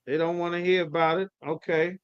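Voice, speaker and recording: A man's voice: a little high, little pitch movement, a little fast, clear, resonant tone. A man teaching a live online scripture class. He calls on students by name, coaxing and chiding them in a slangy, casual way. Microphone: video call. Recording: lo-fi livestream audio.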